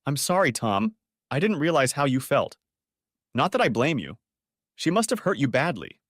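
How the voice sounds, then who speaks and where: A man voicing an upset adult woman in an audiobook story, shrill, pleading and indignant. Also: very animated, normal speed, fairly bright tone, no echo, studio quality. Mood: earnest. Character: distraught adult woman friend.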